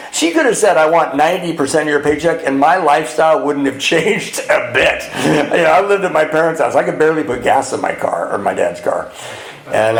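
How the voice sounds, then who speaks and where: Gravelly man telling his recovery story. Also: medium pitch. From California. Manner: storytelling, acts out dialogue, laughs at himself. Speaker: retreat speaker sharing his recovery story. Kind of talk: personal recovery talk to a live audience. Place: retreat meeting room. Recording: roomy echo.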